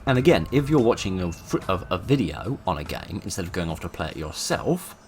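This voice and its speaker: A man's voice: deep voice, big pitch swings, a little fast, soft background music. A man hosting his channel, talking informally and thoughtfully, with many fillers and restarts. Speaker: channel host.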